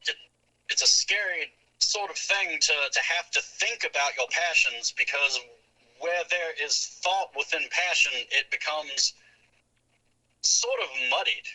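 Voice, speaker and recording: A man's voice: on the high side, very animated, unhurried, sharp tone, rough recording. A young man with a thick Southern accent, a podcast guest musing thoughtfully about philosophy, with many restarts. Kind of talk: casual philosophical chat.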